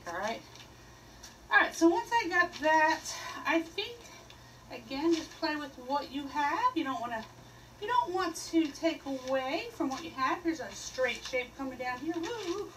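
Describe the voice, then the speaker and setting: Playful, high-voiced woman teaching painting. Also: sharp tone, far from the mic, a little hiss or hum, low-quality recording. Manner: chatty, playful, sings out little "woo" sounds while painting. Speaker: art teacher. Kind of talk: casual painting tutorial.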